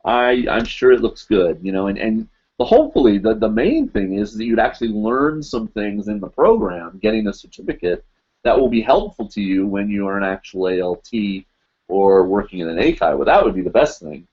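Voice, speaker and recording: A man's voice: lowish voice, sing-song, normal speed, a little mellow, breathy edge, lo-fi sound. A man hosting a casual live stream, answering viewer questions and reading comments aloud in a rambling, easygoing way.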